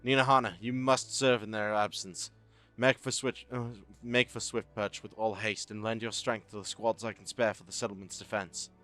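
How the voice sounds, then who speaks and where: A man's voice: fairly low pitch, level tone, normal speed, a bit bright, faint music behind, lightly acted. A man voicing a stern, formal male naval commodore in a fantasy game, reading dialogue aloud.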